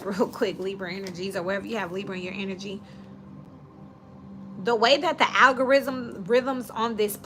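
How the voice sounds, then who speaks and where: A woman's voice: mid-range voice, sharp tone, slight background noise. A woman giving a casual tarot reading, talking in a chatty, direct, coaching way. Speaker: tarot reader.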